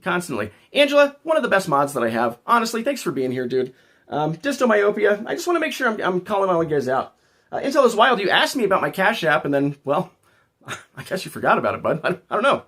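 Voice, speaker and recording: High, lively rambling streamer guy. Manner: rambling, joking, talking back to chat. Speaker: livestream host. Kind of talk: casual livestream chat.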